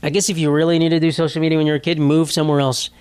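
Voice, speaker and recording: A man's voice: fairly high pitch, level tone, racing, a little mellow, clean tone. A young man hosting a casual solo podcast, rambling and joking with plenty of swearing. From United States. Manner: rambling, profane, jokey. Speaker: podcast host.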